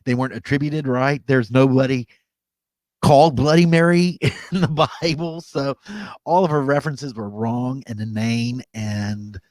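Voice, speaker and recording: A man's voice: mid-range voice, fairly even intonation, measured pace, darkish tone, no room sound, studio quality. A man co-hosting a podcast in casual chat, rambling and correcting himself as he goes, laughing at himself. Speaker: podcast co-host.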